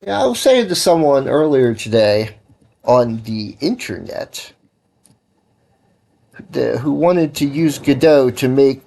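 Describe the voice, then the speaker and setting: A man of medium pitch chats loosely on a programming livestream. He rambles and corrects himself mid-sentence while giving casual advice. He sounds a little tired and yawny. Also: big pitch swings, slow, vocal fry, long pauses, dark tone. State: tired, yawning. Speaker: livestreaming game developer.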